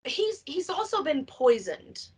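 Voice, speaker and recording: A woman's voice: high voice, sing-song, slow pace, a little mellow. A woman guesting on a podcast, chatting playfully about a film and swearing casually.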